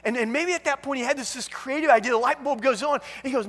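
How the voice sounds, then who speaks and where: A male pastor preaching an animated sermon in a church hall. His voice sits very high and forceful, full of restarts. A long reverb rings behind every phrase. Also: fast, few pauses. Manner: animated storytelling, frequent restarts.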